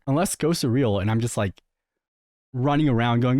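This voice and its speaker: A young man chatting casually on a stream, his pitch swinging widely as he jokes and tells stories. The sound is dry and close, with little room around it. He is loose and animated, and he slips in little acted-out quotes. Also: a little fast, no echo. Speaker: streamer host. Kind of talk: casual reaction chat.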